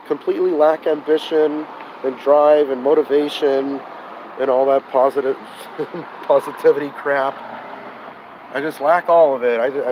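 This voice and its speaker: A sick man live-streaming from outdoors beside a car, swearing, sighing and venting his frustration, sounding hoarse and burnt out. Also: mid-range voice, a little mellow, slight background noise, low-quality recording. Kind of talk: live-stream vlog, talking to chat.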